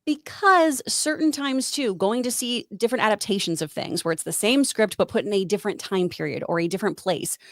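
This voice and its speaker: A woman's voice: mid-range voice, brisk, few pauses, no room sound. Thoughtful woman, dry close sound. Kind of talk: casual panel chat.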